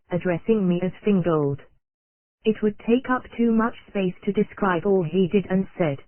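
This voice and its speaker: Dry and close, with a thin, tinny phone-like tone and no echo, a medium-pitched narrator reads an old nonfiction audiobook. The delivery is even, machine-like and unvaried, and abbreviations are spelled out one letter at a time.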